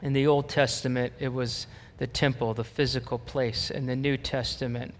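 A male pastor with a mid-range voice preaches a sermon at a moderate pace and with flat delivery, beginning with stories and building toward emphatic preaching. The recording, made in a church sanctuary, has a little hiss or hum and the long reverb of a church hall.

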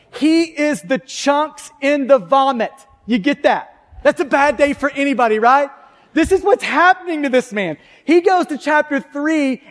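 High-voiced preacher in a reverberant hall. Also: male voice. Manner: conversational, rhetorical questions to the congregation. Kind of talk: sermon.

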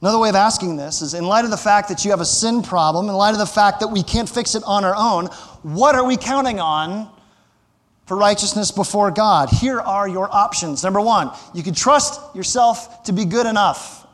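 A man's voice: sits high, moderate pace, fairly bright tone, in a large hall. A man, a pastor, preaching a sermon in a conversational way, asking the listeners rhetorical questions and adding light humor.

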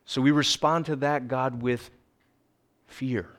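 A middle-aged man preaching a sermon as pastor, earnest, sometimes dropping low and quiet for emphasis, sometimes telling lively stories. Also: slow pace. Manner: animated storytelling with acted quotes.

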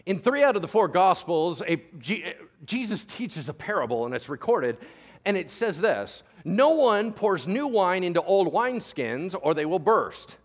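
A man preaching a sermon as pastor, animated and joking, acting out the voices of people in the story. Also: sits high, a little slow. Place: church.

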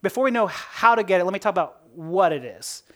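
A fast-talking woman preacher with a voice on the low side delivers her sermon conversationally and with animation. She asks rhetorical questions and laughs at her own jokes.

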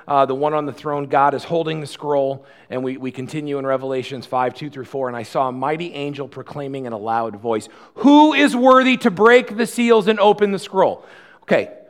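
A man preaching a sermon in a conversational style, swinging from loud, fast passages to quiet, slow ones. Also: medium pitch. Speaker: pastor.

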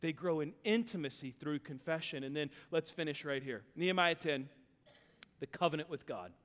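A man preaching a sermon, telling a family story with animated delivery and acting out voices. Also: a little high, normal speed, in a large hall. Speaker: pastor.

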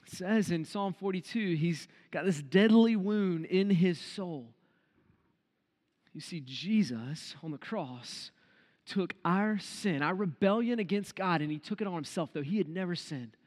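A man with a high voice preaches an earnest devotional sermon. He slows right down to lean on key phrases. His voice trails off in a long reverb tail. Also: a little mellow.

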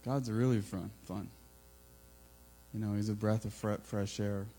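A man giving an informal, earnest sermon, building to loud emphatic peaks, with a mains hum behind him. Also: fairly low pitch, steady tone, unhurried, poor audio. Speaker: preacher.

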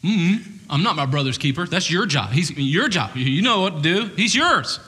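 A man's voice: fairly high pitch, big pitch swings, moderate pace, pushed and bright, big-room sound, pitched above the performer's own voice. A man voicing Cain as an obstinate, prideful young man who brushes off the question in a sarcastic, dismissive tone, during a sermon. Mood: defiant.

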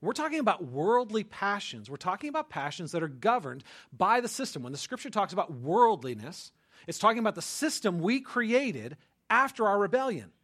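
A man preaching a sermon in a lively, conversational way, often checking in with the congregation. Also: sits high, a little fast. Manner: animated, conversational preaching with frequent "right?". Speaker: pastor.

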